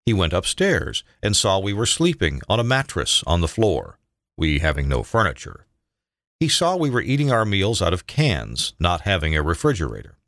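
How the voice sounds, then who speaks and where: An older man reading his own memoir aloud in a measured, reflective way. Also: low voice, huge pitch swings, a bit bright, no room sound, clean studio sound.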